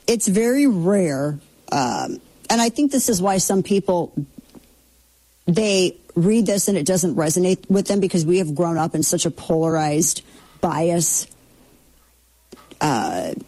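A middle-aged woman riffs through casual commentary with a sarcastic, opinionated edge. Her voice sits a little low and sounds mellow rather than bright. She throws in mocking asides as she talks. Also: expressive, slow, pauses often, rough recording. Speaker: commentary show host.

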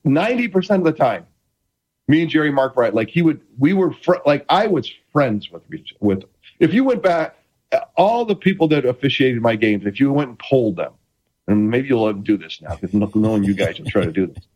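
A man's voice: mid-range voice, sing-song, moderate pace, a little mellow, highs cut off. A middle-aged man, a former quarterback, talking as a guest in an interview with many restarts and a playful manner. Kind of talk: casual interview chat.

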